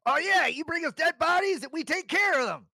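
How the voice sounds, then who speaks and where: A man voicing a pushy little male goblin salesman who hawks coffins in a loud, hard-selling patter. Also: very high voice, lively intonation, a little fast, gravelly, no room sound, studio quality, pitched above the performer's own voice, full character voice.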